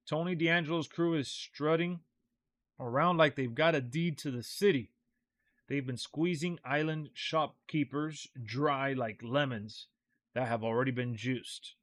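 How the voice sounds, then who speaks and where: A man's voice: on the high side, fairly even intonation, unhurried, a bit bright, no room sound, studio quality. A man reading out a game's dialogue as a tough, hard-boiled male hero, in clipped lines. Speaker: streamer reading game dialogue aloud. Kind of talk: reading game text aloud in character.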